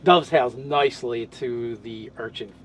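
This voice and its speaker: A man's voice: mid-range voice, measured pace, a little hiss or hum. A man in casual podcast chat, describing his tabletop game character, talking in loose, rambling sentences full of restarts and fillers.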